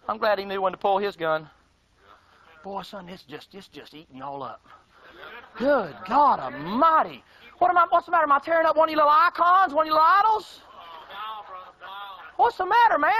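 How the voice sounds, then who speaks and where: Male preacher, very high bright voice, fiery folksy delivery that swings between shouts and hushed asides. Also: expressive, normal speed, long pauses, low-quality recording. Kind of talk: fiery sermon.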